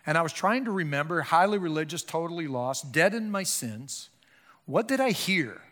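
An older man preaching a sermon, impassioned, swinging between loud emphatic calls and hushed low appeals. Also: expressive, normal speed. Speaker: pastor. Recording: long hall reverb.

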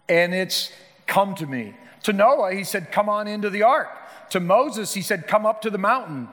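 A middle-aged male pastor delivers an earnest sermon in a church sanctuary, swelling into emphatic appeals. His voice sits high for a man. The sound carries a long reverb from the hall. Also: fairly bright tone.

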